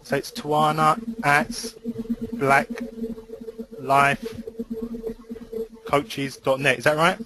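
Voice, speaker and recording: A British man hosting a group call, thanking his guest with many ums and pauses. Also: fairly high pitch, lively intonation, noisy background. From United Kingdom. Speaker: host of the call.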